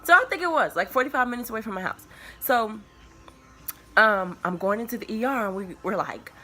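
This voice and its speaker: A woman in her early twenties, with a fairly high voice and a slightly fast pace, tells viewers a personal story in a relaxed, confiding tone. Her telling is casual and rambling, full of filler words and restarts.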